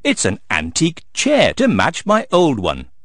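A man's voice: fairly high pitch, wildly swooping pitch, a little slow, fairly bright tone, no echo, studio quality, voice pushed up, exaggerated voice. A man voicing a proud, jolly father pig from a storybook, in a pompous way. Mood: pleased.

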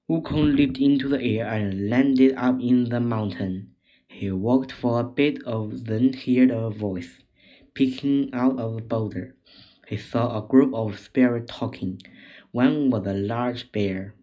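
A man narrating a children's story at an unhurried pace, calm and measured as he reads. His voice is warm and mellow, soft enough for young listeners. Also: medium pitch, poor audio. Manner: gentle, measured reading to children. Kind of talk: scripted narration.

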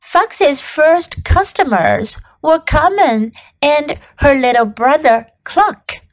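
A woman English teacher reading a storybook to children and slowly explaining phrases. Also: sits high, animated. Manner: slow, clear, explaining and repeating for children.

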